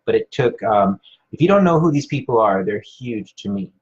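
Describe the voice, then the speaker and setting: A man's voice: fairly low pitch, lively intonation, moderate pace. A man hosting a live stream, casually rambling with many fillers and restarts while reading viewer comments. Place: Hawaii. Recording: dull lo-fi sound.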